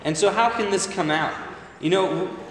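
A man's voice: sits high, normal speed, fairly bright tone, slight background noise. A man preaching a sermon in a conversational way, often asking the congregation "right?", with listeners calling back. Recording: echoey hall, voice from far off.

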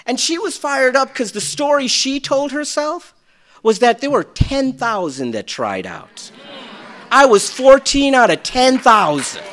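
A man preaching a sermon, swinging from shouted peaks to quiet storytelling. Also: very high-pitched, big pitch swings, a little slow. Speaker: pastor.

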